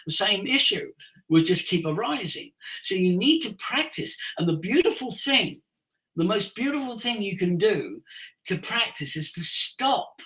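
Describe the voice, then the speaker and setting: A voice coach as a podcast guest, talking expressively with big swings in pitch and pace. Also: pushed and bright, low-quality recording. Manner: acts out everyday scenes in changed voices. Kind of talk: podcast interview, coaching talk.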